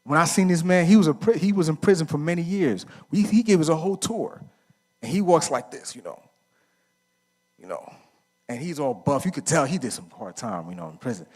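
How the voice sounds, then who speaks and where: A man's voice: fairly high pitch, animated, a little fast, darkish tone. A middle-aged man giving a casual, story-filled talk at a men's conference, asking the audience questions and answering them himself. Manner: casual, uses slang and fillers like "right?". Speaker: conference speaker.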